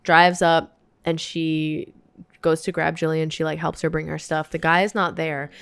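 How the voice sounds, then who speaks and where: A young woman with a fairly low voice retells movie scenes step by step on a podcast, voicing the characters as she goes. The sound is dry and close to the mic, with no room around it. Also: flat delivery, moderate pace, vocal fry, clear, resonant tone, no echo. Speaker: podcast co-host. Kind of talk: casual movie review chat.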